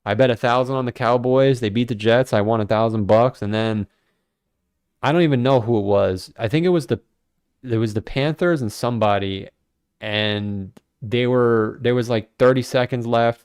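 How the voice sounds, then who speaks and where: A man with a smooth, clear, fairly low voice, hosting a casual livestream. He rambles through his thoughts in an animated, self-mocking way and swears freely. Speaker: crypto livestream host.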